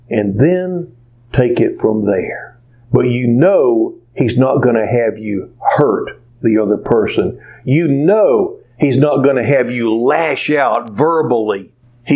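A man preaching a sermon in a slow, conversational way, full of asides and questions to the listeners. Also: on the high side.

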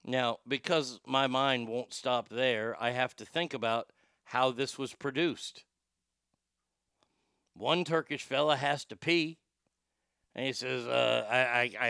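A man hosting a comedic podcast, reading stories and ranting, with sudden loud outbursts and quiet muttered asides. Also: medium pitch, fairly even intonation, slow, gravelly, pauses often, clean tone, dry recording, studio quality. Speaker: show host.

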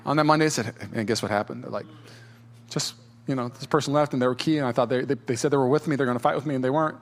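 A man's voice: mid-range voice, racing. A man in his thirties preaching a sermon as pastor, telling stories in a casual, filler-heavy way in a church. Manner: casual storytelling with many fillers. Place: church auditorium.

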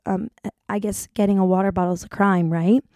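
A young woman tells a long story straight to her audience, chatty and animated, slipping into voices for the people in it. Her voice sits in an ordinary middle range. The sound is dry and close, with no room echo. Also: medium pitch, fairly quick. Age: young adult. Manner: chatty, animated, acts out quotes. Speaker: vlogger. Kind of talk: casual storytelling vlog.

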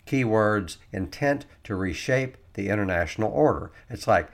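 A man's voice: lowish voice, animated, moderate pace, gravelly, few pauses. A man giving political commentary, reading quotes aloud and adding sarcastic asides.

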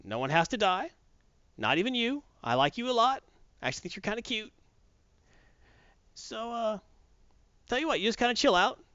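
A man's voice: high-pitched, big pitch swings, moderate pace, long pauses, sharp tone, clean tone, dry recording, pitched above the performer's own voice, heavily acted. Brief: teasing cyborg mercenary woman, played by a man, raised voice, breezy. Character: cocky flirtatious female cyborg mercenary. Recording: dull dry sound.

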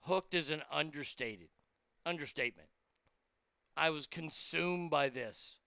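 A man's voice: fairly high pitch, measured pace, vocal fry, pushed and bright, clean tone, no echo. A man hosting his own show, rambling casually and chattily with a profane edge. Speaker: host.

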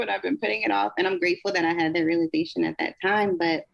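A woman poet talking candidly and laughing easily, then reading her poem slowly in African American Vernacular English. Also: fairly low pitch, steady tone, gravelly. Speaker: poet and guest. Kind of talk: casual conversation and poetry reading. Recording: dull lo-fi sound.

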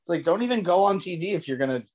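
A man's voice: high-pitched, expressive, very fast, a little mellow. A young man in casual comedic chat, laughing easily and restarting his sentences as a co-host.

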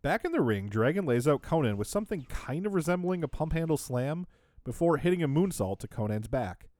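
A man's voice: fairly high pitch, very animated, fairly quick, a little mellow, no echo. A man co-hosting a podcast, recapping in casual chat with a sarcastic, wry tone and frequent laughs. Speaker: podcast co-host.

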